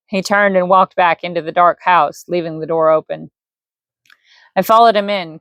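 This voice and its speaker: A woman casually reading a fantasy bedtime story aloud, relaxed, with offhand slips and asides. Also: fairly low pitch, dry recording, studio quality. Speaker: audiobook reader.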